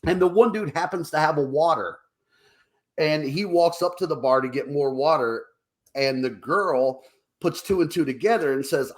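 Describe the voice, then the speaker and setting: Animated storytelling man. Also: moderate pace. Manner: animated, acts out quotes in higher voices, laughs often. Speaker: podcast co-host. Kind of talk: casual storytelling over drinks.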